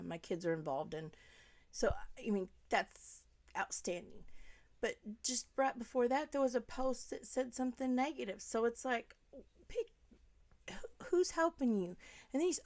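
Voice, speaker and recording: A woman's voice: mid-range voice, vocal fry. A woman giving an angry, rambling commentary monologue, talking straight at the person she criticizes and sometimes dropping to a whisper. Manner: heated, rambling, addresses the subject directly, drops to whispers. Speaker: commentary vlogger.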